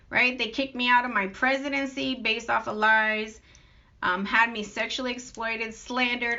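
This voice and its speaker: A woman's voice: medium pitch, bright, forceful tone. A woman vlogger speaking off the cuff, aggrieved and emphatic, piling up long lists of complaints. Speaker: vlogger addressing critics. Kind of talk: unscripted monologue. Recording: dull lo-fi recording.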